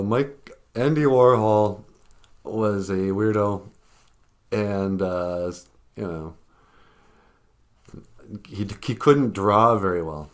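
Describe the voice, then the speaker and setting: A middle-aged man hosting his own vlog, rambling about art, laughing often and getting choked up with emotion. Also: sits low. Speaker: vlogger host. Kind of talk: casual vlog commentary.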